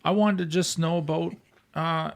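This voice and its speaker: A man's voice: a little high, steady tone, normal speed, vocal fry. A man hosting a podcast, asking a guest curious, rambling questions. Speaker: podcast host. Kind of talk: casual podcast interview.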